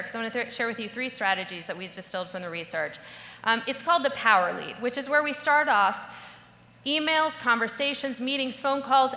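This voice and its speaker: Bright, playful woman speaking in a hall. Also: fairly high pitch. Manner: playful, instructive, acts out quoted voices. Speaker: speaker giving a talk to an audience. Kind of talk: lively audience-participation talk. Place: large hall before a live audience. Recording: echoey hall with long reverb, faint ambience.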